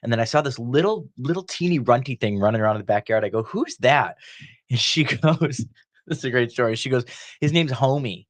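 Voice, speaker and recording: A man's voice: medium pitch, fast talker. A man chatting casually on a podcast, telling a long personal story and acting out the people in it. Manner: animated storyteller, acts out quoted voices.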